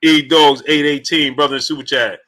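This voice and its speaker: A man's voice: on the high side, fairly even intonation, fairly quick, sharp tone. A man hosting a sports live stream, reading viewer messages aloud, laughing often until he is in tears. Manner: laughs often, emotional, slangy. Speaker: sports channel host. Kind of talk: live-stream chat, reading super chats.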